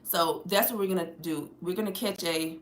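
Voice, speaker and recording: A woman's voice: on the low side, moderate pace, far from the mic. Chatty American woman live-streaming from home. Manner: loose and chatty, talking to chat viewers, swears freely. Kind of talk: casual live-stream chat. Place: home, moving about the room. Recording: roomy sound, voice off the mic.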